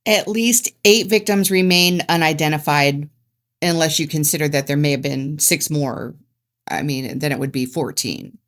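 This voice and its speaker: A woman with a very low voice reads true-crime case notes aloud on a podcast. She keeps it factual but stumbles and restarts on words now and then. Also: normal speed. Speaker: podcast co-host.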